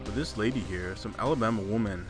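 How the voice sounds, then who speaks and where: A man's voice: on the low side, quick pace, faint music behind. A man co-hosting a podcast, telling a story in casual chat, laughing often and swearing freely. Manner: storytelling with frequent laughter and profanity. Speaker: podcast co-host.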